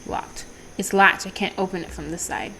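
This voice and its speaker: A woman's voice: lowish voice, moderate pace, vocal fry, background noise. A woman hosting a let's play, commenting casually and thinking aloud as she works through a game. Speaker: gaming channel host.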